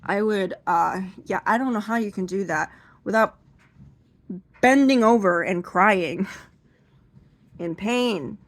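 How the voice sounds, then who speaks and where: A young woman tells a rambling stand-up story in a middle-pitched voice. She stops and restarts often and leans on fillers. When she quotes people, her voice jumps up high and gets loud. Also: takes it slowly, long pauses. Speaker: stand-up comedian.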